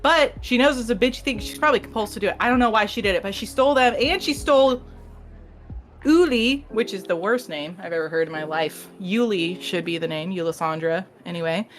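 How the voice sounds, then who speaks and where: A woman casually recapping a fantasy novel as a podcast co-host, animated, acting out characters' lines and swearing casually. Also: medium pitch, fairly quick. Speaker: book review podcast co-host. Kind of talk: casual chat recapping a book.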